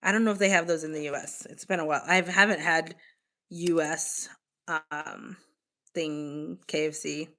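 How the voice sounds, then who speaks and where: A young woman from the United States hosting a casual livestream, chatting with viewers in an animated way full of "like" fillers. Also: low voice, normal speed. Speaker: livestream host. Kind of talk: casual livestream chat, reacting to viewer comments.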